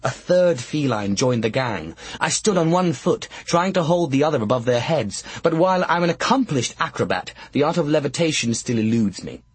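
A man's voice: medium pitch, expressive, normal speed, hardly any pauses, breathy edge, dry recording. A man narrating an audiobook with a wry, dry comic delivery, close to the mic.

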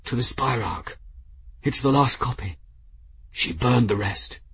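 A man voicing a dying old monk who speaks quietly and weakly through pain, with a husky voice. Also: mid-range voice, lively intonation, unhurried, pitched above the performer's own voice, heavily acted. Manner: quiet, weak and pained. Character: dying old male monk, gentle and wise.

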